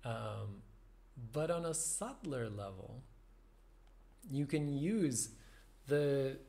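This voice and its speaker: A man giving a reflective meditation talk, thoughtful and unhurried, with soft laughs and fillers. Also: medium pitch, lively intonation, vocal fry. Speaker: meditation teacher.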